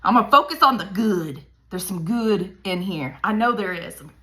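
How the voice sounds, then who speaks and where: A woman's voice: mid-range voice, moderate pace, sharp tone. A woman in her thirties venting candidly to camera about her hard days as a parent, swearing often and joking darkly while sounding worn out. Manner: profane, darkly humorous, venting. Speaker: parent vlogger. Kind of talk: candid talking-to-camera vlog.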